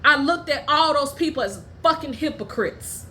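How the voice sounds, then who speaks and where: A woman hosting her own podcast, telling personal stories in a blunt, profane and heated way, at times dropping low and quiet. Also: lively intonation, normal speed, slight background noise. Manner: drops low and quiet when telling family matters. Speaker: podcast host. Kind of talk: candid personal storytelling.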